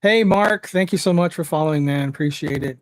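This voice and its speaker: A man's voice: fairly high pitch, brisk, dry recording, poor audio. A man hosting a casual livestream chat over a video call, easygoing and thanking viewers by name.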